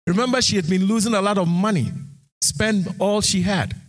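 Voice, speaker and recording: A man preaching a sermon who reads scripture aloud and builds into shouted, sing-song exhortation. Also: high voice, normal speed. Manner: reads scripture aloud, King James phrasing. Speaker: pastor.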